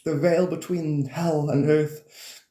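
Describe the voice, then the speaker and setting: Man, livestream chat, rambling and profane, laughs a lot, warm dark tone, roomy echo. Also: a little high, flat delivery, slow. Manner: rambling, swears freely, laughs often. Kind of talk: casual livestream chat on spirituality.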